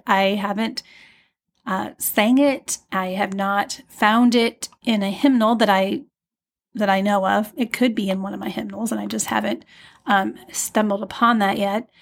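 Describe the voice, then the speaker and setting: A woman of middle pitch hosts a devotional podcast in a soft, unhurried way. She talks off the cuff with small restarts and fillers, and reads old verses slowly and tenderly. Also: vocal fry. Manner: gentle, unscripted, with fillers and restarts; slow, tender reading of hymn verses. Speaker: podcast host. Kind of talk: devotional podcast talk and hymn reading.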